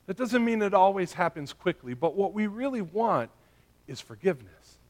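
A man's voice: sits high, big pitch swings, normal speed. A male pastor preaching a sermon in a conversational way, often checking in with his listeners by asking "right?" and "okay?".

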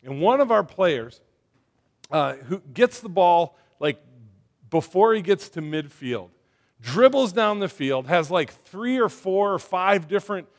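Speaking to his congregation in a relaxed, chatty way, this man peppers his sermon with fillers and prompts people to call out responses. He's a church speaker whose voice is high-pitched.

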